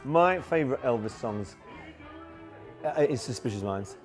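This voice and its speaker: A man's voice: mid-range voice, animated, a little slow, soft background music. A man in his forties, a tribute performer, chatting in a documentary interview with lots of fillers and restarts. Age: 40s.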